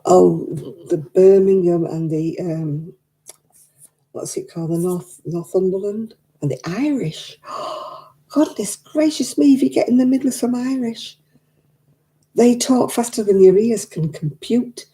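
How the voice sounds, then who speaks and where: Mellow-voiced woman chatting. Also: mid-range voice, unhurried. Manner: chatty and rambling, laughs often. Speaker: craft live-stream host. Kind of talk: casual chat while knitting, reading viewer comments. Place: living room at home. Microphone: desk microphone.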